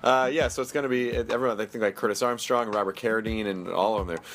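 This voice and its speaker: Jokey low-voiced podcast host. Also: male voice, fast talker, fairly bright tone, slight background noise. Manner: jokey, rambling, playful. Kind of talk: casual chat with ad reads. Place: New York studio.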